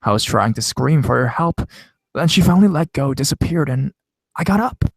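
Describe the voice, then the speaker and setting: A man's voice: a little high, animated, normal speed, vocal fry, slightly rough, no room sound, full character voice. A man voicing a terrified, crying teenage girl, attempting a British accent and stumbling over his words.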